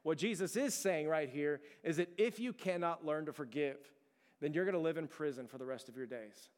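A man preaching a conversational sermon, often dropping to a low, hushed voice for emphasis. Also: a little fast. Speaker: pastor. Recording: long hall reverb.

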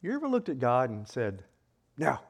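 A man delivers a sermon in a high, very lively voice. His pitch swings widely from line to line. He acts out quoted speech with sudden loud outbursts. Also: normal speed. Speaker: preacher.

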